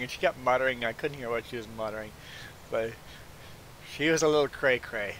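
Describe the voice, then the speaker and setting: A man's voice: medium pitch, a little fast, long pauses, a little hiss or hum, rough recording. A man from Belize, a game streamer, telling a story in casual chat and stammering on his repeated "I"s. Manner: animated, stammers on repeated "I"s, acts out the people he quotes. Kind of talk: casual storytelling while livestreaming a farming game.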